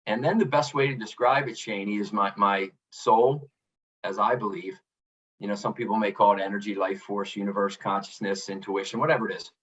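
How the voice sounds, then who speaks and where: Middle-aged man, low-pitched, earnest reflective storytelling, distant from the mic, dull lo-fi sound. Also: steady tone, a little fast, a bit bright. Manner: earnest, reflective, many restarts and "you know". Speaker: podcast guest, author and coach. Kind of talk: candid storytelling interview.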